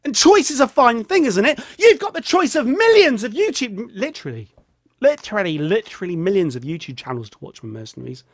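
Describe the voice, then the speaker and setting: A man's voice: big pitch swings, fairly quick, no echo, studio quality. Rambling, jokey man vlogging. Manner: rambling, jokey, drops into a low mutter on a catchphrase. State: feeling ill. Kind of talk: rambling casual vlog.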